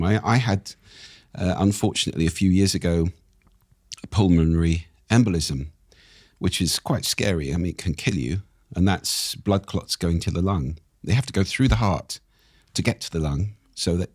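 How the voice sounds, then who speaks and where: A man with a very low voice talks as a podcast guest, his delivery expressive and animated. The sound is close and dry, with no room around it. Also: normal speed, breathy edge, no echo. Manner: expressive, animated delivery with wide pitch swings. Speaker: speaking expert guest. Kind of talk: interview conversation.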